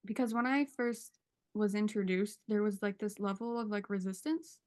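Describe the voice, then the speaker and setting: A woman guest on a video call sharing a heartfelt testimony, emotional and earnest, pausing as she searches for words. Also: medium pitch, darkish tone.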